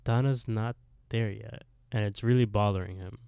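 A man's voice: fairly low pitch, normal speed, vocal fry, smooth, dry recording. A man co-hosting a podcast, casually retelling a TV episode with lots of swearing and laughter. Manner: animated storyteller, swears, laughs often. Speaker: podcast co-host.

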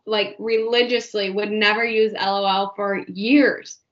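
A woman's voice: medium pitch, steady tone, a little slow. A woman in her twenties hosting a podcast, chatty and giggly, saying "like" often. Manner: giggly, chatty, says "like" a lot. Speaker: podcast host. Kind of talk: casual chat. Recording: dull lo-fi podcast audio.

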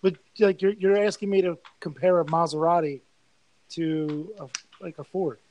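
A man's voice: fairly high pitch, normal speed, lo-fi sound, slight background noise. A man hosting a casual sports podcast, swearing freely and telling stories with animation. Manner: profane, animated storytelling. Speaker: podcast host.

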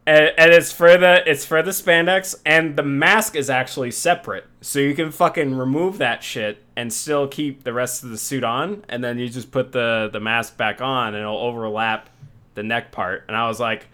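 A man's voice: medium pitch, fairly even intonation, normal speed, pushed and bright, clean tone. A young man hosting a casual chat show, telling a rambling, profanity-laced story with many restarts. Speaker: podcast host.

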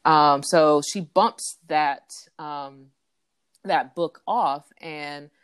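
A woman with a low voice talks through a TV episode in a relaxed, casual way, full of fillers and small restarts. The sound is dry and close, with no room around it. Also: very slow, clean tone, dry recording. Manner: relaxed, with many fillers and recaps. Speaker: podcast co-host recapping a TV episode. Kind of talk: casual chat.

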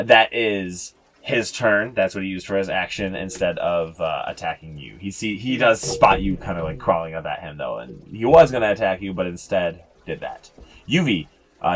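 A man with a fairly low voice running a tabletop game as game master. He narrates loosely, with plenty of "like" and "uh" and the odd curse. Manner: rambling, filler-heavy, swears casually.

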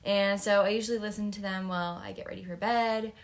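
A woman's voice: medium pitch, fairly even intonation, quick pace. A young woman co-hosting a podcast in casual chat, rambling with lots of fillers and giggles. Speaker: podcast co-host.

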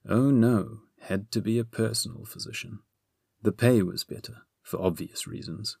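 Man reading as a mopey doctor guy, low gravelly grumbling, kinda quiet and sorry for himself. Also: normal speed, dry recording, clean studio sound. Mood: gloomy. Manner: glum, grumbling, muttered. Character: gloomy henpecked young male physician.

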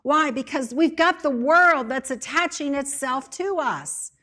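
Animated woman preaching, fairly high voice. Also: a little slow. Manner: animated, emphatic preaching with repeated lists. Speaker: speaker in a church setting. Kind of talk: sermon.

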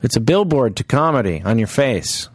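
A man's voice: mid-range voice, moderate pace, breathy edge, no echo, clean studio sound. A man hosting a comedy podcast, bantering casually and animatedly with his guest. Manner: animated, swings into loud mock-announcer bits. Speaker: podcast host.

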